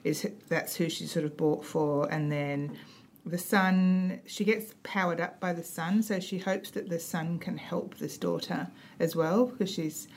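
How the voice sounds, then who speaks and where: A middle-aged woman, co-hosting a casual chat, talking quickly and laughing easily. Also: lowish voice, fairly even intonation, darkish tone. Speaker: podcast co-host.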